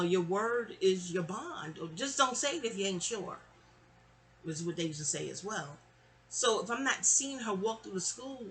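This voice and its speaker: A middle-aged woman from New York tells a personal story to the camera in a loose, chatty storytime monologue. Her voice is bright and forward. She talks in an animated way and keeps slipping into other people's voices as she goes. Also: medium pitch.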